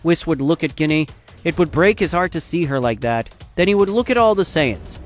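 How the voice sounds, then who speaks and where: A man narrating a fan story in a steady, dramatic storytelling style. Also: fairly high pitch, a little fast, faint music behind.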